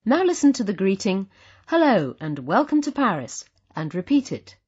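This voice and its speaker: A woman guiding learners through a language lesson in a patient, encouraging way. Her voice has a slight huskiness, and her pitch moves a lot. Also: sing-song, normal speed, darkish tone, breathy edge. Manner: patient, encouraging teacher's delivery. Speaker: course narrator. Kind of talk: scripted instructional narration.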